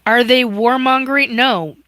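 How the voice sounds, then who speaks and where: A middle-aged woman speaks slowly and haltingly on her livestream, choked up and sniffling between phrases. Her voice is bright and forward, recorded close and dry with no room around it. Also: on the high side, steady tone, no room sound. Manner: tearful, halting, reading out viewer comments. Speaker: livestream host. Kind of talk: emotional livestream monologue. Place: home livestream.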